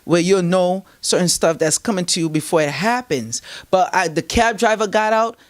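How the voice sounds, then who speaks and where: Man telling a lively spiritual story. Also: high-pitched, normal speed. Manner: lively, acts out quoted voices, laughs mid-story. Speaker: interview guest. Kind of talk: animated storytelling and spiritual advice.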